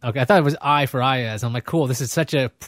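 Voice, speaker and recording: A man's voice: medium pitch, quick pace, no echo, studio quality. Joking man hosting a casual interview. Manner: joking, rambling with fillers. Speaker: host.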